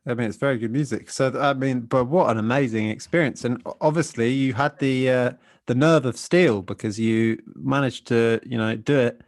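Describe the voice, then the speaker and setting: A man's voice: medium pitch, moderate pace. A young man hosting a podcast interview, asking questions hesitantly with restarts. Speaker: podcast host. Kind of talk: casual interview.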